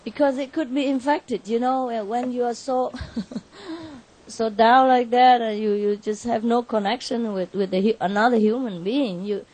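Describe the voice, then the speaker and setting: A woman telling an animated story to an audience in non-native English, laughing often and lifting her voice for her own quoted words. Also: fairly high pitch, normal speed. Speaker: spiritual teacher addressing an audience.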